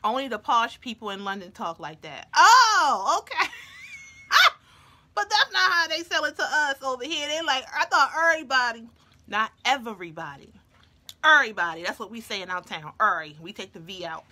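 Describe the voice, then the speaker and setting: A bright, sharp-toned woman vlogger who chats playfully to her viewers as she eats, talking through her food. Her voice sits a little high and she keeps it loose and conversational. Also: animated, brisk. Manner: chatty, playful, talks while chewing. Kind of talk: casual chat to viewers while eating.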